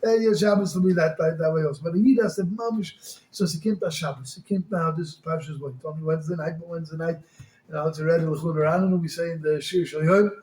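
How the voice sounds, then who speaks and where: A man giving a Hasidic sermon as a rabbi, swinging from crying-out pleas to quiet storytelling, with Yiddish and Hebrew words mixed into his English. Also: fairly high pitch, steady tone, quick pace. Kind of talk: Hasidic sermon to a small group. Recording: echoey room with faint noise.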